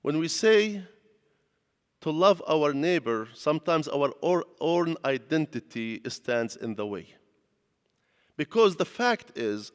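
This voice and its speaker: A man's voice: a little high, sing-song, takes it slowly, clear, resonant tone. Man preaching in a reverberant church. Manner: earnest storytelling, non-native grammar. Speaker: pastor giving a lecture. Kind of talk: personal testimony sermon. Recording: long hall reverb.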